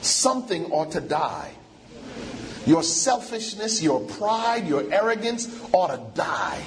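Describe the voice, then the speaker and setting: A man's voice: high-pitched, very animated, slow, slight background noise. A man preaching a sermon, emphatic and repetitive, drawing call-and-response from the congregation.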